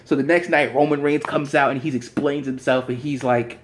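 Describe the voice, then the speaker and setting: A man's voice: medium pitch, fairly even intonation, moderate pace, few pauses. A young man in a casual vlog monologue, rambling along with frequent restarts. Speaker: vlogger. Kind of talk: casual fantasy-booking monologue.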